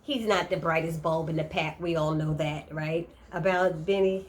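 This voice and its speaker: A woman recapping a TV episode in casual chat, animated and retelling the dialogue. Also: sits low, moderate pace.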